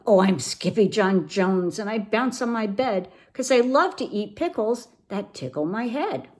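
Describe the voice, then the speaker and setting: Woman doing an excitable Siamese kitten boy. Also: medium pitch, moderate pace. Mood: excited. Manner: exaggerated Spanish accent put on.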